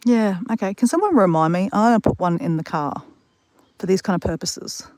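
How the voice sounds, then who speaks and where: Talking fairly quickly in a mid-range voice with a darkish tone, a woman streams live from the bush next to water, and the recording is dry. She rambles through stories in a chatty way, talking straight to the people watching.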